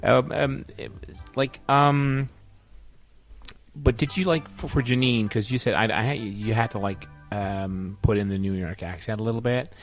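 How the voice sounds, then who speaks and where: Hesitant Dutch-native podcast host. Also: male voice, medium pitch, normal speed, faint music behind. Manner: hesitant questioner, many fillers and restarts. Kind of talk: casual interview chat.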